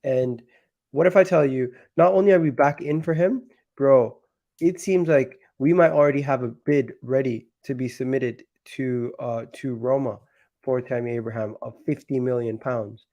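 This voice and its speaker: A man hosting a casual football talk show, sounding sick and nasal, talking haltingly with many restarts. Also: medium pitch, warm tone, highs cut off. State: sick, nasal and deeper than usual. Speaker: football channel host.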